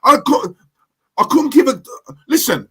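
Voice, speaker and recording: A man's voice: extremely high pitch, very animated, unhurried, slightly rough. A man ranting to camera as a football fan vlogger, heated and emphatic, repeating himself for effect.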